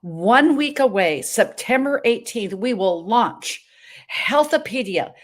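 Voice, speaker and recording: A woman's voice: a little high, lively intonation, slow pace. A woman in her seventies hosting a talk show, telling a story in an emphatic, dramatic way from a hotel room. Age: 70s. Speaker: show host.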